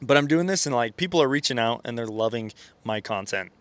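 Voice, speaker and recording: Lively intonation and a slightly fast pace mark this mid-range male voice, though his sinuses are clearly congested. As a self-improvement creator, he rambles through a casual motivational monologue packed with fillers and self-corrections, often asking "okay?" or "right?", with no room sound.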